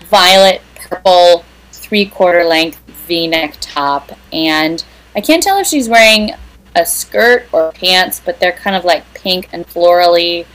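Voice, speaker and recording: A woman's voice: on the low side, takes it slowly, fairly bright tone, rough recording. A young woman co-hosting a podcast in casual chat, chatty and teasing, lingering over small details. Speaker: podcast co-host.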